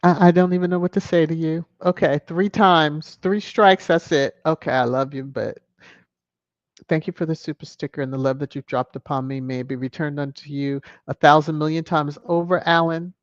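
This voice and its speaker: A woman's voice: low voice, steady tone, normal speed, no room sound, highs cut off. A woman hosting a casual livestream, reading viewer comments aloud with a playful, teasing manner and frequent chuckles. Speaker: livestream host.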